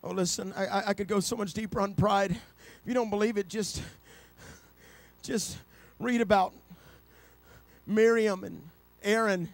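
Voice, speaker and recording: Middle-aged male preacher, high voice, dry close sound, storytelling sermon that swells into fervent shouting. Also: fairly even intonation, measured pace, creaky, long pauses, no echo. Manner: storytelling preacher, builds to loud passionate climax.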